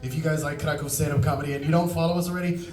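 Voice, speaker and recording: A man's voice: fairly high pitch, fairly even intonation, rapid-fire, a little mellow. A man hosting a comedy night, making upbeat announcements to the audience. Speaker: comedy show host. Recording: echoey room, distant mic, background noise.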